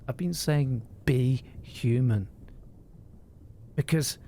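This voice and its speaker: A man's voice: mid-range voice, extremely slow, warm tone, a little hiss or hum. A man, talking to live-stream viewers in an earnest, emotional, rambling way, swearing freely and often restarting his sentences.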